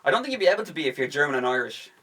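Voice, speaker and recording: Excitable swearing young man on a podcast. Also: on the high side, racing. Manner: excitable, swears a lot, acts out scenes. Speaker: podcast host. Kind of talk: casual chat.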